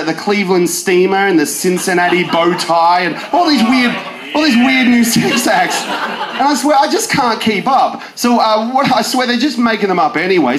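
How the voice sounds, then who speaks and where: A young man doing a stand-up comedy set in a pub, with animated joke delivery and some shouted bits. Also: high-pitched, a little hiss or hum. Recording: roomy live venue sound.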